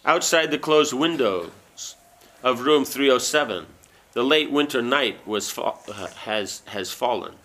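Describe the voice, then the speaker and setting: A man reading a book aloud and breaking off into loose, halting asides full of fillers. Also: mid-range voice, a bit bright. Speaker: reader.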